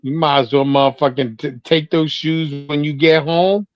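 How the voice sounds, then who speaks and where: A man's voice: on the high side, steady tone, moderate pace, no room sound. A man co-hosting a sports podcast in casual chat, blunt and teasing, with lots of swearing. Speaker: podcast co-host. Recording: dry, dull lo-fi sound.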